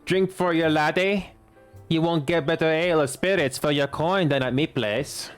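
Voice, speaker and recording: A young man voicing a gruff male tavern keeper in a put-on Irish or Scottish brogue, with rough, hearty barroom talk. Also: on the high side, normal speed, soft background music, voice pushed up, close to an everyday voice. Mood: welcoming.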